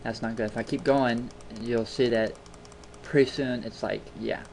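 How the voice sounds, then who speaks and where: Man, casual tutorial host, chatty, repeats himself, mid-pitched voice, faint hiss behind. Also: steady tone, normal speed, creaky, a little mellow. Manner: chatty, rambling, repeats words for emphasis. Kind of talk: casual screen-recording tutorial.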